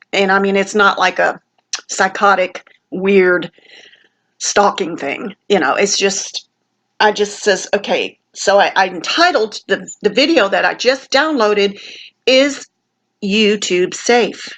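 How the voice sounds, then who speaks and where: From a family home, an older woman who's ill with a sinus infection makes a rambling vlog, sincere and filler-heavy. Her voice is mid-range and fairly bright, and her pace is measured.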